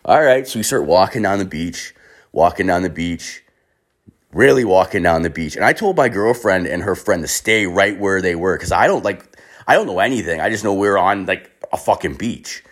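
A young man telling a long comic story in a profane, rambling, animated way. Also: deep voice, moderate pace.

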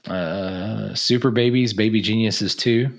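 A man's voice: lowish voice, fairly even intonation, a little slow, gravelly. A man co-hosting a casual chat, joking and reading movie lists aloud. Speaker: podcast co-host.

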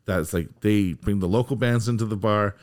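A man's voice: lowish voice, moderate pace, darkish tone. A man in casual chat, eager and hesitant, with lots of fillers and restarts. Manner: hesitant and enthusiastic, full of fillers.

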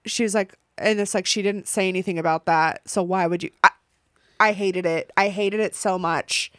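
A young woman hosting a podcast, recapping a reality show in a casual, animated way, swearing and acting out what people said. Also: mid-range voice, fairly quick, dry recording, studio quality. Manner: animated, swearing, acts out quotes. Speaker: podcast host.

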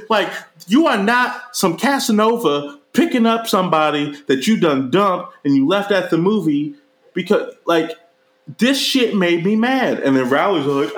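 A man co-hosting a casual, profane movie review chat, leaping into high mocking voices when he retells scenes. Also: moderate pace. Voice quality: animated, jumps into high mocking voices for quoted characters. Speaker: podcast co-host reviewing a movie. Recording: roomy echo.

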